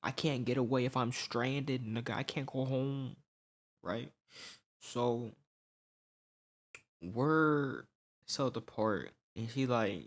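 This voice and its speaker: A young man telling a storytime tale in casual slang, animated and peppered with "right?" tags. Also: mid-range voice, slow pace, pauses often.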